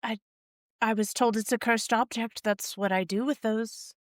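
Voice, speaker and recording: A woman with a fairly high voice, playing her character in a tabletop game in a calm, matter-of-fact way. Her voice is recorded close and dry. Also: moderate pace, no room sound. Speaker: player.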